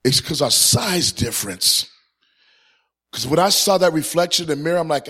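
A man in his forties in ministry, telling a humorous personal testimony to a live audience. He swings from loud, punchy comic lines to quiet, earnest points. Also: on the high side, expressive, moderate pace, breathy edge. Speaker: Christian ministry speaker.

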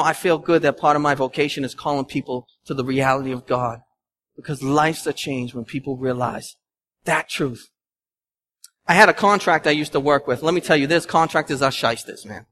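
A man preaching a sermon as pastor, talking in a conversational, animated way and telling stories with laughs. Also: on the high side, normal speed, slight background noise. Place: church sanctuary.

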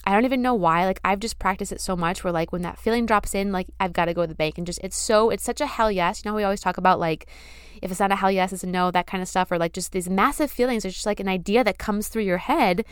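A young woman talks through her podcast in a casual, heartfelt flow, repeating phrases to drive each point home. Her voice is smooth and clear, sitting at an ordinary middle pitch. The sound is close and dry, with no room around it. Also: quick pace, dry recording. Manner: earnest, effusive, repeats phrases for emphasis. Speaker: podcast host. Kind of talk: casual spiritual podcast monologue.

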